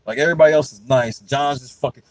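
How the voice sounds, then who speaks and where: A young man and podcast host telling stories in a casual chat, profane and animated, often breaking into laughter. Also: mid-range voice, quick pace, low-quality recording.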